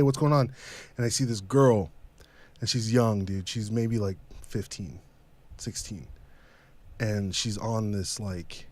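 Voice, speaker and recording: A young man, a podcast guest, telling a story casually with lots of swearing and animated, raised voices for the people he quotes. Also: lowish voice.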